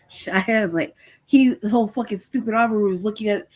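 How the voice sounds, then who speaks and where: A woman's voice: mid-range voice, normal speed. A woman hosting a casual live chat, telling stories, laughing often and swearing freely. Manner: laughing often, profane, animated storytelling. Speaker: host.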